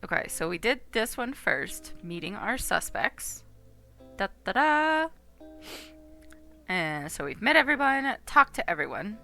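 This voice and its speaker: A woman's voice: mid-range voice, very animated, normal speed, vocal fry, few pauses, pushed and bright, faint music behind. A woman streamer chatting casually and reading game text aloud while playing, laughing often.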